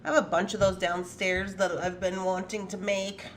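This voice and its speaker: A woman's voice: mid-range voice, level tone, moderate pace, slight background noise. A woman hosting a casual morning livestream from her home workroom, chatting and greeting viewers by name and playfully teasing her cats. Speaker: livestream host.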